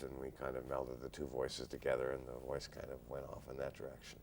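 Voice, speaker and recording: A male actor answering interview questions in a measured, thoughtful way, pausing often. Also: rumbling low, steady tone, creaky. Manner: measured, thoughtful, frequent "uh" pauses.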